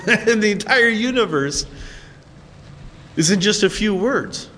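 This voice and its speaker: Male pastor, fairly high voice, chatty sermon delivery, long hall reverb. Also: expressive, takes it slowly, bright, forceful tone, slight background noise. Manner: conversational, asks listeners "right?".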